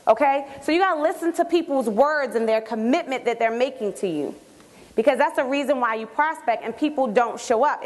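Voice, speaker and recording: A woman giving an energetic live training talk on network marketing, quizzing her audience as she coaches them. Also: fairly high pitch. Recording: echoey hall with long reverb.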